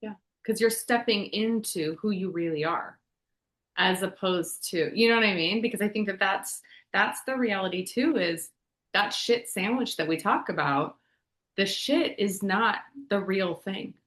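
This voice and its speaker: A woman's voice: mid-range voice, unhurried, a bit bright. A woman co-hosting a podcast over a video call, talking in a casual, reflective way and building on her partner's points. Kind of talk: casual conversational podcast chat. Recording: roomy, echoey video call audio.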